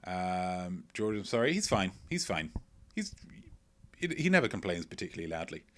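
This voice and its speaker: Male quiz host, lowish voice, jokey and rambling, streaming from home. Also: big pitch swings, normal speed. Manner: playful, rambling, jokey asides. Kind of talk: live-streamed quiz hosting, reading chat. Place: at home, indoors.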